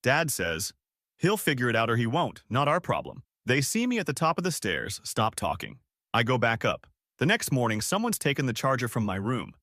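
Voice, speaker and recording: A man's voice: medium pitch, sing-song, moderate pace, fairly bright tone, no echo, studio quality. A man reading out a first-person story in a casual, matter-of-fact way. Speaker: story narrator.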